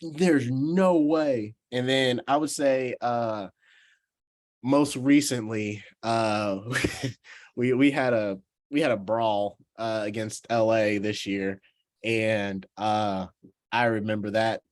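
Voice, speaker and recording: A man in his twenties from Georgia in the US, a professional baseball player telling an animated story in a casual interview, laughing and restarting his sentences. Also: lowish voice, slow. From Georgia, USA. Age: 20s.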